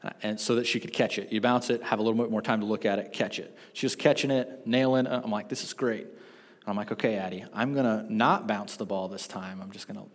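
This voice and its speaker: A man in his thirties preaching a sermon, telling stories with lively self-deprecating asides. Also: lowish voice, fairly quick. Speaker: pastor. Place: church sanctuary. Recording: long reverb of a church hall.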